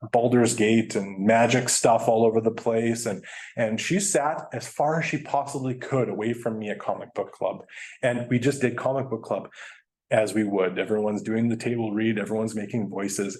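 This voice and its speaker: Man, guest speaker, mid-range voice, lively storyteller. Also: medium pitch. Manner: animated, chatty, laughs while telling. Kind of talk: storytelling presentation.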